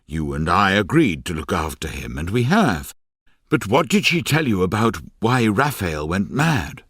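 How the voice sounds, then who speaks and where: Audiobook: man reading as a stern uncle, firm and questioning, unhurried. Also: low-pitched, big pitch swings, a bit bright, breathy edge, no echo, studio quality, full character voice. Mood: insistent. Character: stern, probing middle-aged village uncle.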